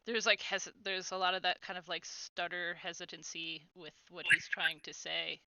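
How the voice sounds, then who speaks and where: A woman narrating as game master of a tabletop game, describing slowly with many fillers. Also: fairly low pitch, level tone, pushed and bright, no room sound, lo-fi sound.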